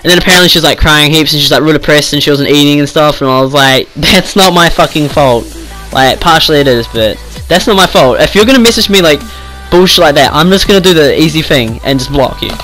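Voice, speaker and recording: A teenage boy vlogger rambles through a story in casual chat, swearing freely and filling gaps with "like." His voice is fairly high, expressive, fast and sharp, with faint music behind him on a low-quality recording.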